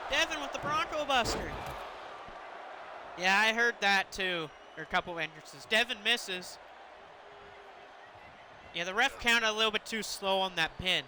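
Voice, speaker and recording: Hoher, aufgedrehter Mann kommentiert ein Wrestlingspiel. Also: male voice, extremely high pitch, background noise. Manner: excitable, chatty, laughs often. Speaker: gaming commentator. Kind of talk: casual let's-play commentary.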